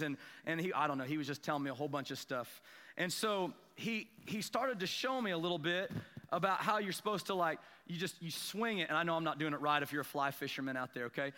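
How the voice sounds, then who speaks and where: A man preaching a sermon, telling a self-deprecating fishing story and building to excited emphasis. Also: on the high side, fast, long reverb tail. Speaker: pastor. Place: church sanctuary.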